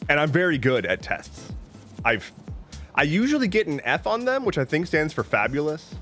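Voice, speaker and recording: A man's voice: fairly high pitch, huge pitch swings, normal speed, a bit bright, faint music behind. A man chatting casually on a live stream, joking playfully and reading viewer messages aloud.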